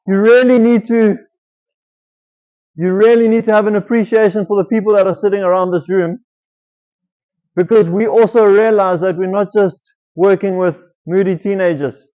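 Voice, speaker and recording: South African male teacher, higher voice, muffled lo-fi sound, quizzes the room. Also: a little mellow. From Eastern Cape, South Africa. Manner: asks the audience questions. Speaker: teacher giving a talk. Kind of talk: school presentation to students.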